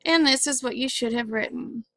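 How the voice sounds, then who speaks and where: A woman's voice: on the high side, normal speed, a bit bright. A woman teacher explaining syllables and accent marks in a patient, step-by-step phonics lesson. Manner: clear, patient, step-by-step instructing.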